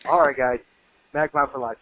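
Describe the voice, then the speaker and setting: A man's voice: medium pitch, steady tone, normal speed, fairly bright tone. A man leaving a joking voicemail for a podcast, talking loosely to the hosts. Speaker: listener calling in with voicemails. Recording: tinny phone-line voicemail.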